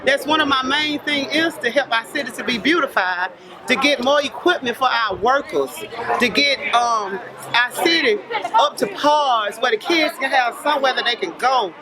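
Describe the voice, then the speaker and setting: A woman's voice: high-pitched, expressive, moderate pace. A woman giving a fervent, emotional speech outdoors as the new mayor. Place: outdoors among a crowd. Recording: crowd noise behind.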